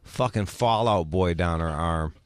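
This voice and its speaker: Blunt, swearing man, low voice. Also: measured pace, smooth, no room sound. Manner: blunt, swears often, mimics voices in anecdotes. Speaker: podcast co-host. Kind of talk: casual profane chat.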